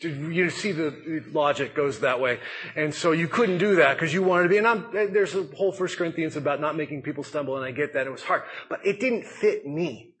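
In a casual, conversational sermon, a middle-aged pastor speaks with a voice high for a man and a husky edge. His teaching is sprinkled with self-deprecating asides and animated phrasing.

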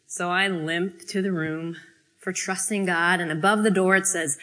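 At a student fellowship, a woman with a fairly low voice delivers a dramatic spoken-word sermon. She uses theatrical, expressive pauses.

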